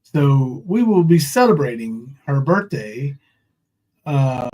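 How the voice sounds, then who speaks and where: A man's voice: mid-range voice, sing-song, takes it slowly, darkish tone. A man hosting a casual livestream, taunting and swearing at a caller in a mocking way. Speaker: livestream host.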